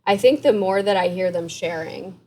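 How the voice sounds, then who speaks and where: A woman's voice: mid-range voice, warm tone. A woman in her thirties, a therapist, talks through her work as a podcast guest. Her voice sits in a middle register. She is earnest and open, with a faint background noise. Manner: earnest, open, quick asides with light laughs. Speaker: therapist and author. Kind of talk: interview guest, candid conversational storytelling.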